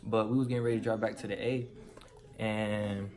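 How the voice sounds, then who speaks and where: A man's voice: on the low side, flat delivery, brisk, darkish tone. Laid-back teen guy. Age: teens. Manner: laid-back, slangy, quotes his parents. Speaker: vlogger telling his story. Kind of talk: casual storytelling.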